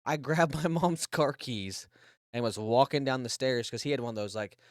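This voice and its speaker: A man in his thirties tells a rambling story on a podcast, with frequent swearing and false starts. His voice sits at an ordinary middle pitch. The sound is dry and close, with no room echo. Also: normal speed. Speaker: podcast co-host. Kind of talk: casual storytelling.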